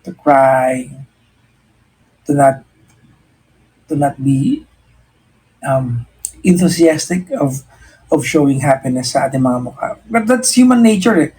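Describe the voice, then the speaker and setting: Husky Filipino man, earnest host. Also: mid-range voice, expressive, a little slow, long pauses, darkish tone, rough recording. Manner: earnest and reflective, mixing English and Tagalog, frequent restarts. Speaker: radio host answering a listener. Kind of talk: casual livestream chat, giving life advice.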